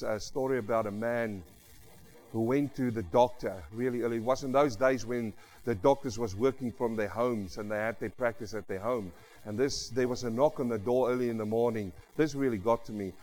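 A man's voice: mid-range voice, a little fast, a little mellow, rough recording. A middle-aged male pastor giving a sermon. He tells a story earnestly, with heartfelt restarts and repeated words.

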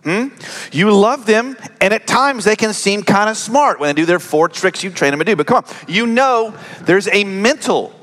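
High, animated male preacher in a hall. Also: normal speed. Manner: dramatic swings from loud emphasis to hushed whispers; conversational, joking asides to the congregation. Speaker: pastor. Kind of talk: sermon. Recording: long reverb of a large hall.

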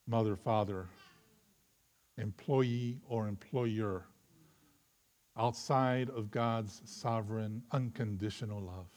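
A man preaching a sermon with earnest conviction, moving between loud emphatic stretches and quiet reflective ones before closing in prayer. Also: fairly low pitch, slow pace, pauses often. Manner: closes in prayer. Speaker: pastor.

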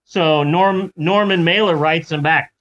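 A man's voice: on the high side, unhurried, fairly bright tone. A man telling a story in a rambling, jokey comedic way, on a dull lo-fi recording.

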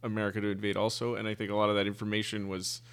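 A man's voice: lowish voice, monotone, very fast, fairly bright tone, clear, resonant tone. A man, a physicist guest, explaining his views in a thoughtful, hesitant way with many fillers. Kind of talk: casual conversation.

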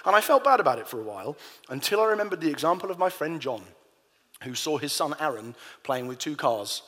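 A man's voice: fairly high pitch, very animated, a little fast, sharp tone, long reverb tail. A pastor preaching a sermon in a conversational way, telling personal stories to his congregation.

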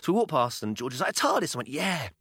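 A British man in his thirties co-hosting a casual podcast, telling animated stories with laughter and acted-out quotes. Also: medium pitch, fast, husky, no room sound, clean studio sound. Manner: animated storyteller, laughing, acting out his kids' lines. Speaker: podcast co-host. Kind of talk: casual chat.

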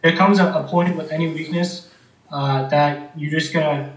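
A man in relaxed conversation, talking in a laid-back way, often calling his friend "man" and telling stories with energy. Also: on the high side, moderate pace, far from the mic. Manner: laid-back, says "man" a lot, animated storytelling. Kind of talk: casual chat. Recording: roomy, off-mic.

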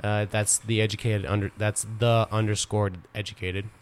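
A man's voice: fairly low pitch, flat delivery, normal speed, slight background noise. A young man hosting a casual podcast chat, rambling and often stumbling over repeated words before getting his point out. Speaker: podcast host.

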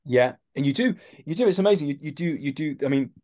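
A man with a London accent, an actor telling animated anecdotes in a podcast interview, often restarting his sentences and acting out the voices of the people in his stories. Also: fairly high pitch, fast talker. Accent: London English. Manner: animated storyteller, acts out quoted voices, many restarts. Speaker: actor guest.

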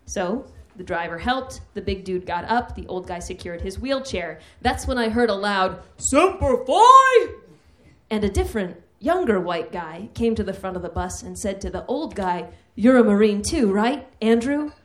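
A woman hosts a live comedy night, reading her own humorous essay in a medium-pitched voice at normal speed with few pauses. Her delivery is wry and builds to mock outrage.

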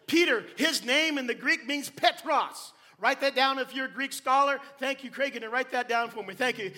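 This very high-voiced man preaches at a moderate pace with few pauses. His sermon shifts from soft asides to shouting for emphasis, and he entertains the congregation with wordplay and lighthearted humor.

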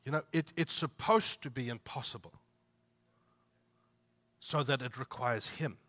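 A man's voice: mid-range voice, measured pace, a bit bright. A man preaching a sermon, emphatic, repeating his points and asking the listeners rhetorical questions. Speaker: pastor.

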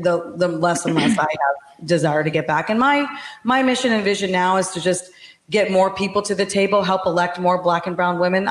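A middle-aged woman, a former state senator and guest, telling stories bluntly and forcefully. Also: fairly low pitch, reverberant, rough recording. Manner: blunt, forceful, tenacious storyteller. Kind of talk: candid talk-show storytelling.

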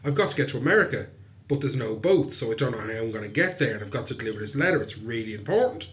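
A plucky young servant lad in a spoken folk tale, cheerful and easygoing, voiced by a man telling the story. The delivery stays close to a normal speaking voice at a middling pitch. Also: animated, very fast, lightly acted. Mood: worried. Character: plucky young Irish servant Danny, male.

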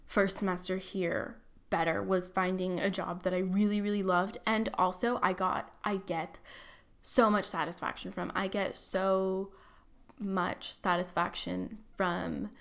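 A young woman in college tells casual stories about her life, chatty and dramatic, packing in likes and you-knows while poking fun at her own flair for drama. Her mid-range voice is creaky, with a steady tone and measured pace.

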